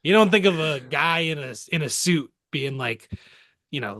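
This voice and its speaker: A man co-hosting a podcast in casual chat, sarcastic and quick to swear, from the Boston area. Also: a little high, background noise. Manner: animated, sarcastic, swears freely. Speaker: podcast co-host.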